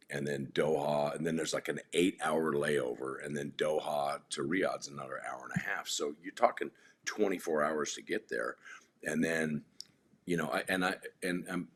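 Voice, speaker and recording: A middle-aged man telling rambling, animated stories in a casual podcast chat, often restarting his sentences. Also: extremely low pitch, breathy edge. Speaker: podcast guest.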